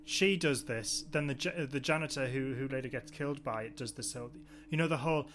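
A man's voice: mid-range voice, fairly quick, a bit bright, slight background noise. A man with a Geordie accent, co-hosting a casual chat and reviewing a TV episode with wry exasperation. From Newcastle, England. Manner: wry, exasperated, repeats words when starting. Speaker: podcast co-host.

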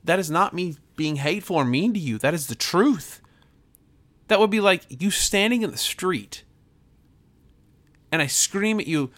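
A man's voice: high-pitched, expressive, a little slow, long pauses, a bit bright. A man, a pastor, preaching to his podcast audience in an earnest, emphatic way, often repeating himself and restarting phrases.

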